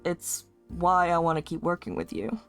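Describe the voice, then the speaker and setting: A streamer, a man, voicing a bitter male mad scientist in a game in a put-on American accent, slow and sulky. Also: a little high, big pitch swings, a bit bright, soft background music. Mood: brooding. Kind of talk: reading game dialogue aloud.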